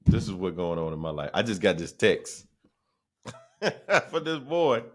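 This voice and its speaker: A man's voice: sits low, very animated, a little slow. A man hosting his podcast, telling a casual comic story and jumping into other people's voices. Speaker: podcast host.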